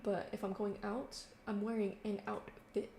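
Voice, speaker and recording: A woman's voice: mid-range voice, little pitch movement, moderate pace, dark tone. A young woman telling a story in casual chat, lots of fillers and quoted voices, recorded in an echoey room. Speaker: vlogger. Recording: echoey room with faint noise.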